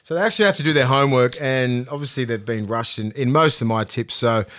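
An Australian man co-hosting a podcast, a former rugby league player who swears freely, laughs often and tells animated stories. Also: medium pitch, fast talker. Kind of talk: casual chat.

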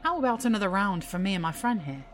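A man's voice: sits high, big pitch swings, quick pace, a bit bright, voice pushed up. A man voicing a smirking, teasing young woman in an audiobook, with faint music underneath. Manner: playful, teasing. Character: smirking confident young woman, a scent stealer.

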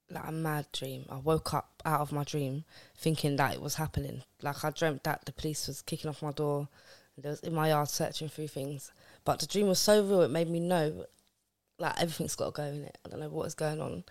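Gravelly woman, dry sound. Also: low voice, a little mellow, no echo. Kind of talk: casual chat.

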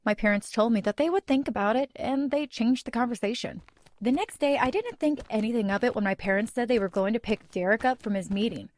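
A woman's voice: fairly high pitch, a little fast, a little mellow, no echo. A young woman narrating a first-person story in a chatty, dramatic way. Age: young adult.

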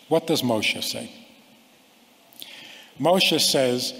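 A man giving a slow, deliberate sermon on family, acting out the voices he quotes. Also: on the high side, big pitch swings, gravelly, a bit bright. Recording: long hall reverb.

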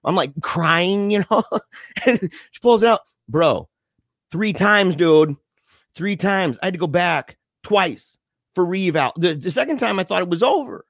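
A fairly high-voiced man spins a story in loose, slangy banter, laughing as he goes. The sound is close and dry, with no room around it. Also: measured pace, no echo. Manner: animated, slangy, laughs a lot, says "dude". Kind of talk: casual chat, storytelling.

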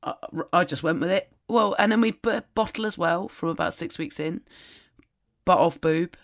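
A woman's voice: fairly low pitch, normal speed. Wry woman in casual chat. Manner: wry, deadpan storytelling. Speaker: podcast co-host.

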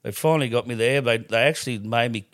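A man's voice: mid-range voice, fast, a bit bright, no echo, studio quality. A middle-aged Australian man telling stories on a podcast as a guest, swearing freely and rambling with restarts. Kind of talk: casual storytelling.

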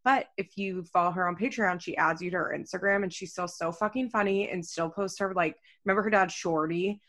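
Speaking briskly, a female podcast co-host with a lowish, fairly bright voice keeps the talk casual. She has a mild speech impediment, and her loose, chatty delivery is packed with fillers and some swearing.

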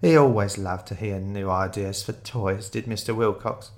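A man's voice: fairly low pitch, steady tone, normal speed, lightly acted. A man voicing a motherly middle-aged woman receptionist who is tearful and chatty and calls people ducks and dear.

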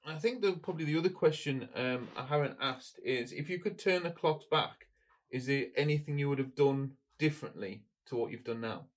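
A man's voice: a little high, a little fast. A man hosting a podcast, asking questions in an easygoing way with plenty of fillers. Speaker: podcast host. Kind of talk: casual interview chat.

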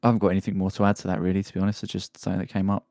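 A man's voice: deep voice, monotone, rapid-fire, darkish tone, no room sound, studio quality. A man co-hosting a podcast in casual chat, rambling and laughing often. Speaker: podcast co-host.

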